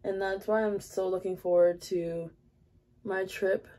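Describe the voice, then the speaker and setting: A woman's voice: medium pitch, steady tone, a little slow, warm tone. A young woman vlogging at her makeup area at home, chatting candidly with lots of fillers. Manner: rambling, many fillers, candid. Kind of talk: casual confessional chat.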